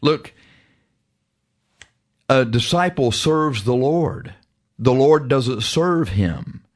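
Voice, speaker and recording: A man's voice: mid-range voice, lively intonation. Emphatic male preacher. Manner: emphatic, drawn-out preaching with sudden fast stretches; reads scripture in old-fashioned wording. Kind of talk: radio sermon with scripture reading.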